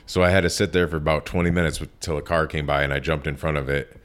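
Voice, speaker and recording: Man, 30s, very deep voice, tattoo artist, casual profane storytelling, acts out quotes. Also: steady tone, quick pace, smooth.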